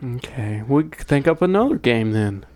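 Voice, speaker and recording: A man's voice: mid-range voice, big pitch swings, moderate pace, a little mellow, no echo. A young man hosting a radio show, joking around and laughing a lot in casual banter. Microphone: studio microphone with headphones.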